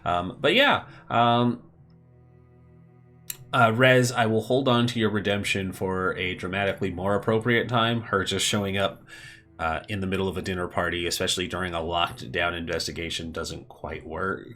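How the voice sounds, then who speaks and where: A man runs a tabletop game, narrating and chatting casually with lots of fillers. His voice is deep and bright. Soft music plays in the background. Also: normal speed. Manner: animated, chatty, many fillers. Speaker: game master.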